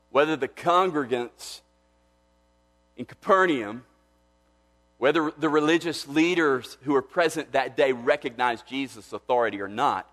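An earnest male pastor delivering a sermon in a church, with a voice of ordinary pitch. He preaches with emphatic rises and frequent restarts, and a long reverb trails his words through the hall. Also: fairly bright tone.

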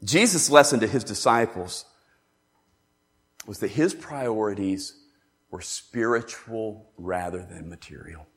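A man preaching a sermon, emphatic and animated, acting out the scripture he quotes. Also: fairly low pitch, unhurried. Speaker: pastor. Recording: long reverb in a large hall.

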